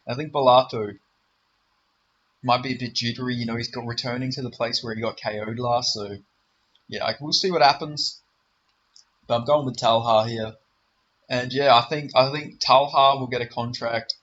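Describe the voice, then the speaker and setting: A man's voice: mid-range voice, steady tone, normal speed, pauses often, fairly bright tone, highs cut off, slight background noise. A young man giving casual solo commentary, rambling and confident, full of fillers and self-corrections. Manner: confident, enthusiastic. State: voice briefly giving out. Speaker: MMA predictions YouTuber.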